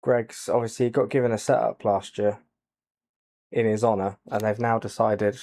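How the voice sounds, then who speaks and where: A man giving soft-spoken ASMR commentary over a racing game, quiet and low-key, with dry jokes. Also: steady tone, a little slow, pauses often. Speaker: gaming channel host.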